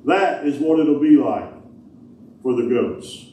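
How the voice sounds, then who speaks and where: A man's voice: mid-range voice, lively intonation, takes it slowly, long pauses, warm tone. A man preaching a sermon as pastor, folksy and emphatic, asking the congregation rhetorical questions. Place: large church hall. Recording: echoey hall heard from a distance.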